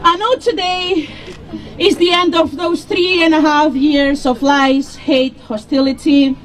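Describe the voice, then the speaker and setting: A woman's voice: high voice, steady tone, measured pace, rough recording. A young woman giving a fervent speech at an outdoor political rally, laughing between points. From EU country outside the UK. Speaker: rally speaker.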